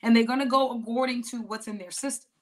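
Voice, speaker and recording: A podcast host chats casually in an interview, rambling a little and often restarting and laughing. Her voice is fairly high and steady, and she talks fast.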